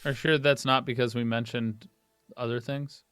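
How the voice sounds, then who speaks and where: A man's voice: mid-range voice, fairly even intonation, normal speed, fairly bright tone, clean tone, no room sound, soft background music. A man playing in a tabletop game stream, making dry, teasing asides. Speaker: player. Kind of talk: casual chat on a live stream.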